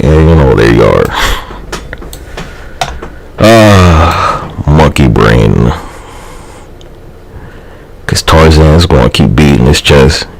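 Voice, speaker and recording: A man's voice: extremely low pitch, expressive, slow pace, creaky, pauses often, low-quality recording. A man streaming live, talking in a loose, rambling and profane monologue.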